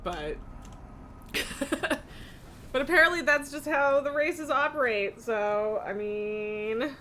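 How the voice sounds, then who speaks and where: A woman live streamer chatting casually while gaming, self-mocking and laughing often, her throat irritated so she keeps clearing it. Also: high voice, animated, slow pace, sharp tone, slight background noise.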